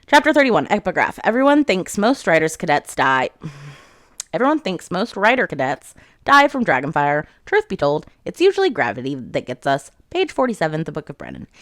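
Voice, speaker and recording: A woman's voice: medium pitch, fairly bright tone, dry recording, studio quality. A woman recapping a fantasy novel in casual chat, swearing freely and quoting the characters as she goes. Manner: chatty, swears freely, quotes characters with 'she's like'. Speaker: book reviewer.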